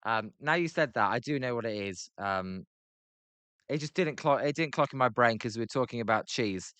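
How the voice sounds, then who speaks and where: British man, young, rambling live commentary, bright tone, dry close sound. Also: medium pitch, lively intonation, normal speed, clear, resonant tone, no room sound. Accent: British English. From Britain. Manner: rambling, many ums, reads chat aloud. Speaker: livestream commentator. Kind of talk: casual play-by-play with chat reactions.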